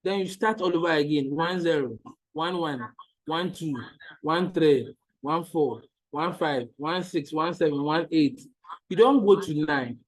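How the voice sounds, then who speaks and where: A man's voice: on the high side, a little slow, rough recording. A man teaching maths in an online lesson, patiently repeating each step and checking that the students follow.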